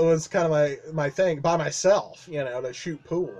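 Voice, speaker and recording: A man's voice: fairly high pitch, a little slow, hardly any pauses. A man telling a long personal story to his vlog camera in a casual, rambling way, with lots of fillers, restarts and chuckles. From Midwestern United States. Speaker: vlogger.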